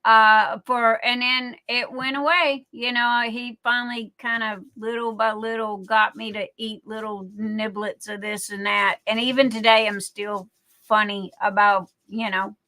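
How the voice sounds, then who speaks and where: A woman's voice: on the high side, level tone, measured pace, sharp tone. A middle-aged woman hosting a livestream, chatting in a rambling way full of fillers and restarts. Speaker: livestream host. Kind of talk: casual chat.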